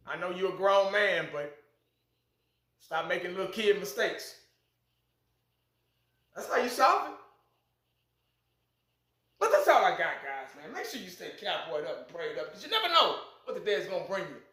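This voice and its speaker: A high-pitched, bright-toned man hosts casual fan commentary. He talks bluntly and profanely, getting fired up. The sound carries an echoey room around him. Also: sing-song, moderate pace, long pauses. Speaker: fan channel host.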